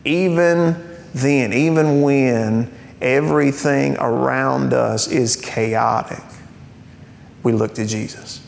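This pastor preaches slowly with vocal fry, addressing his congregation conversationally. He poses rhetorical questions and slips in light humor, and the recording carries the echo and faint rumble of a large hall.

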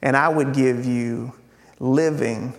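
A preacher voicing a calm, earnest male teacher, speaking in a measured way. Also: medium pitch, vocal fry, big-room sound, pitched below the performer's own voice. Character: calm, gentle male teacher offering water.

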